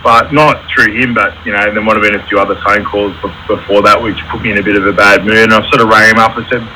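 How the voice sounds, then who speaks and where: A man's voice: on the low side, fairly even intonation, fast, hardly any pauses, pushed and bright, slight background noise, low-quality recording. A man, an electrical contractor telling candid stories about running his business in a casual interview. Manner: candid, storytelling with reenacted quotes.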